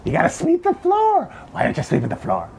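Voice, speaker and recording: A man's voice: extremely high pitch, huge pitch swings, a little fast, creaky, darkish tone, a little hiss or hum, voice pushed up, exaggerated voice. A man putting on a mocking impression of a blustering older male politician, whiny and dismissive.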